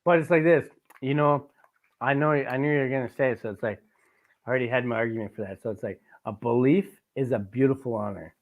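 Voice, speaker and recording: A young man, hosting a podcast and talking excitedly about sports, swearing often. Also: mid-range voice, fast talker. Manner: excited, swears a lot, passionate sports fan. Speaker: podcast host. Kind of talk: casual chat.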